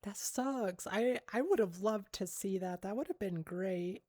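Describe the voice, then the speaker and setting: A woman's voice: medium pitch, measured pace, darkish tone, no echo, clean studio sound. A woman chatting on a livestream and reading out chat, rambling with many fillers and giggles. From United States.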